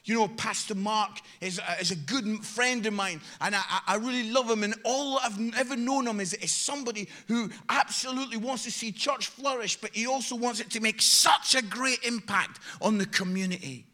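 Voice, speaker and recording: British man, preacher, sermon with anecdotes, energetic, loud then quiet, very bright sharp tone. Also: sits high, brisk, hardly any pauses. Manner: energetic, shifts from loud exhortation to quiet asides. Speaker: guest preacher. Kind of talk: sermon with humorous storytelling.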